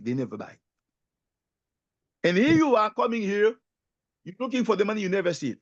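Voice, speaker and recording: A man giving a motivational sales talk as a guest speaker, telling his story in an emphatic, animated way and often turning to the host by name. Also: high voice, a little fast, pauses often, no echo. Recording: dull lo-fi audio.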